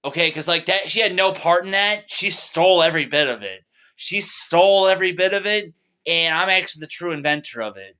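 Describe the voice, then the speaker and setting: A man's voice: high voice, animated, brisk, sharp tone, clear, resonant tone. A young man talking to camera in a rambling, agitated monologue, full of restarts and fillers. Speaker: vlogger.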